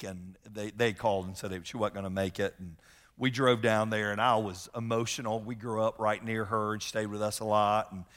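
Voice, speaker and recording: A man's voice: lowish voice, fairly bright tone. A middle-aged man preaching a sermon as a pastor, emphatic, repeating key phrases and telling personal stories. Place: large church sanctuary. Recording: long hall reverb from sanctuary.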